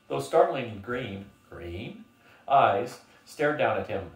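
Older male reader, steady storyteller. Roomy, distant mic. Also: medium pitch, takes it slowly. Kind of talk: reading a novel aloud.

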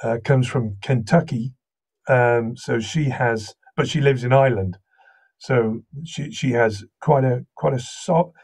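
A man with a slight Welsh accent, from Wales, chatting casually as a guest voice actor and telling lively anecdotes. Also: medium pitch, measured pace, husky. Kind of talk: casual interview chat.

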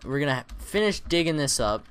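A man hosts a Let's Play, rambling casually through his gameplay with self-mocking, excitable asides. His voice is a little high, brisk, and smooth, and he's lively, with excitable exclamations.

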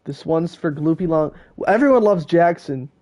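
A man's voice: a little high, lively intonation, moderate pace, dark tone. A teenage boy streaming a video game, joking and chatting casually with friends on a call. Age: teens. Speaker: gaming streamer. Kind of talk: casual live-stream commentary.

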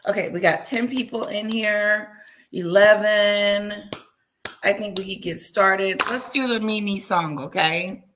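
A woman hosting a casual livestream, warmly greeting viewers by name, bubbly and chatty. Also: mid-range voice, unhurried, a little hiss or hum. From Wisconsin. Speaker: livestream host. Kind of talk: casual live chat with viewers.

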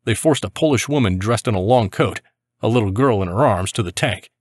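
A man with a fairly low voice narrates a first-person memoir, steady and grave throughout. The recording is dry and close, with no room sound around him. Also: a little fast, no room sound. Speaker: narrator reading a soldier's memoir.

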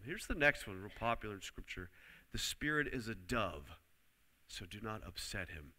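A man's voice: lowish voice, animated, moderate pace, sharp tone. A man preaching a sermon, emphatic, repeating key lines and leading the congregation to say them back. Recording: long hall reverb.

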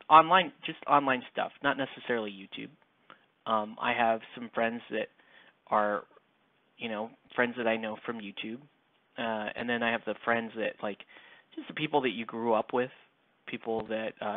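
A man's voice: mid-range voice, no room sound. A man hosting a miniature painting channel, chatting casually while he paints, rambling with lots of fillers and casual swearing. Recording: tinny phone-like sound, dry.

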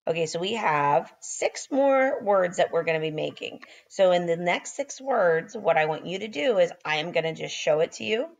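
A sleepy, yawning woman teaches phonics to young children, slowly sounding out letters and praising them. Her voice is lowish and expressive, with vocal fry.

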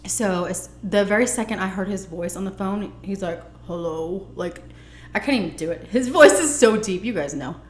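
A woman's voice: mid-range voice, expressive, moderate pace, echoey room. A young adult woman chatting animatedly as she tells a personal story and acts out the dialogue. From United States. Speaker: vlogger. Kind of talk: storytelling while eating.

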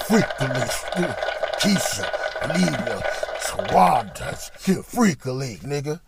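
A man telling a crude story in a rambling, profane way, dropping to mutters and then bursting loud. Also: medium pitch, sing-song, takes it slowly, creaky, very noisy.

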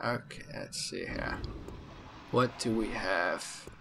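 A man giving let's-play commentary, excitable and panicky, swearing often at the game. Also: fairly low pitch, takes it slowly, vocal fry, background noise. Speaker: gaming channel host.

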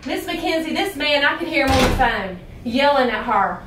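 Lively high woman, calming. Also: moderate pace. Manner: calming, concerned. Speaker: school staffer in a skit. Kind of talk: improvised amateur acting. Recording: echoey room, far from mic, noisy.

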